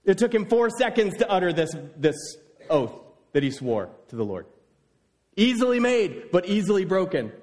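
A man preaching a sermon, telling a scripture story with lively, voiced exclamations. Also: high voice, normal speed.

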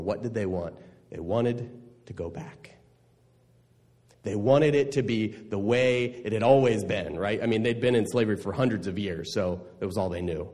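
A man preaching a sermon, animated and laughing at times, swinging between loud and hushed delivery. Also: fairly low pitch, long reverb tail. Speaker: pastor.

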